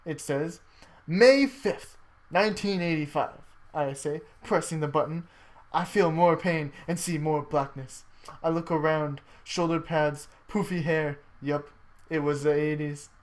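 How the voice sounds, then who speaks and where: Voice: mid-range voice, little pitch movement, measured pace. A casual reader reading a homemade adventure story aloud among friends, joking, swearing and tripping over the text.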